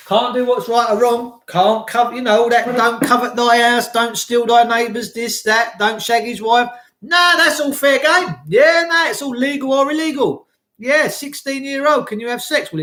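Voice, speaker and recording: A man's voice: very high-pitched, a bit bright. A man delivering an impassioned, ranting monologue, full of swearing and rhetorical questions.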